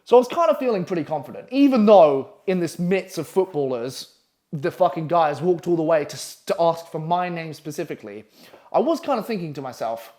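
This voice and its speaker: Excitable, sweary young man. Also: on the high side, brisk. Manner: profane, animated, rambling with frequent fillers. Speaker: storyteller. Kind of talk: casual storytelling to camera.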